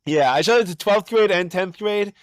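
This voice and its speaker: A man's voice: high voice, no echo, studio quality. A man hosting an interview, a teacher, giving short encouraging reactions and asking questions. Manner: encouraging listener with short reactions and quick laughs. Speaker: podcast host and teacher. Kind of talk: casual interview.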